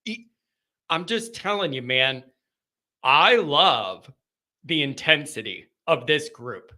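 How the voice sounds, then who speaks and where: Excitable high-voiced male host. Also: slow. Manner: excitable, rambling, laughs often. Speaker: host of a fan call-in show. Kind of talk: casual live call-in chat.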